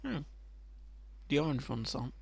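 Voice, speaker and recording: Gravelly man, playful deadpan. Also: medium pitch, normal speed. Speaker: podcast co-host. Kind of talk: casual chat about films.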